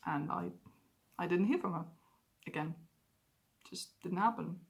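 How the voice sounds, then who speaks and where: A woman's voice: lowish voice, unhurried, gravelly. A woman vlogging candidly about her own experiences, swearing freely and acting out her past outbursts. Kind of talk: personal confessional vlog.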